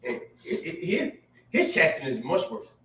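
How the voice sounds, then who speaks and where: A man co-hosting a sermon, reading scripture and exhorting with energetic, exclamatory interjections. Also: fairly high pitch, normal speed, background noise. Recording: echoey room, mic at a distance.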